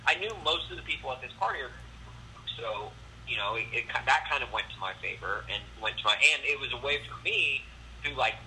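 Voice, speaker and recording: A man's voice: medium pitch, fairly quick, a little hiss or hum, rough recording. A man, a guest comedian, telling a story in a casual podcast chat and acting out the voices. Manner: animated, acts out the voices in his stories.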